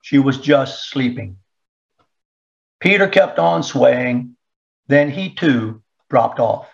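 Slow, measured man reading a story. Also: medium pitch, expressive, vocal fry, muffled recording. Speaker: narrator. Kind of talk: audiobook reading.

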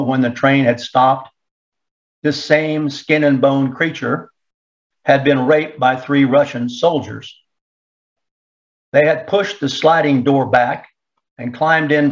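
Male audiobook narrator, slow and measured, mid pitch, dull lo-fi recording. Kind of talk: audiobook reading.

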